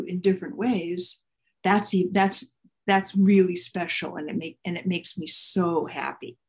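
A loving, patient mother from a storybook speaks softly to her child, put on by a woman telling the tale. The voice sits in a middle pitch and stays reassuring. It comes through a video call. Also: lightly acted. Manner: soft, reassuring.

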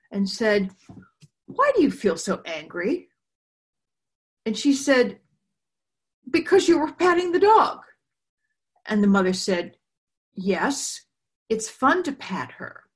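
A woman leading a children's talk at church, telling a story gently and slowly. Her voice sits at a middle pitch and she uses simple props as she goes.

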